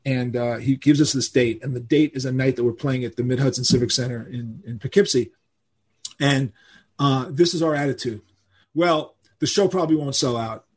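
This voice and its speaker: An older man, telling animated stories as a guest in a podcast interview and acting out the people he quotes. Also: medium pitch, a little fast, husky. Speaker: guest musician.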